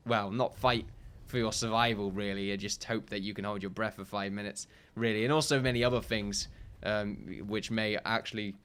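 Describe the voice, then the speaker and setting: A man's voice: medium pitch, sharp tone, clean tone. A man hosting a let's play video, rambling and joking and often laughing at himself as he talks. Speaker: gaming video host.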